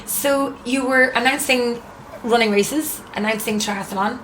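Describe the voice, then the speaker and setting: A woman's voice: a little high, measured pace, fairly bright tone, slight background noise. Irish woman hosting an interview. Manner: friendly prompting questions. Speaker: podcast host. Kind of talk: casual interview.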